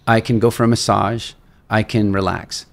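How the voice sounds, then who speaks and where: Gravelly storytelling man. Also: fairly low pitch, moderate pace. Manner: animated storyteller, acts out quotes, repeats words. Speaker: guest, seminar leader and keynote speaker. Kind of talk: storytelling in a podcast interview.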